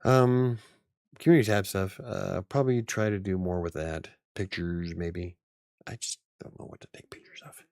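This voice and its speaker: Gravelly low-voiced rambling man. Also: steady tone, moderate pace, darkish tone, no echo, clean studio sound. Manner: rambling, chuckles often. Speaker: channel host. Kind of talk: casual live-stream chat.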